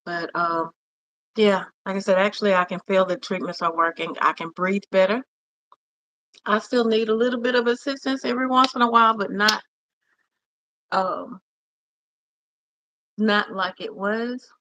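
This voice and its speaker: A woman's voice: mid-range voice, moderate pace, pauses often, a bit bright. A woman hosting a casual livestream, chatting affectionately with viewers and calling them honey and cousin. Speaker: livestream host. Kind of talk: casual live chat with viewers.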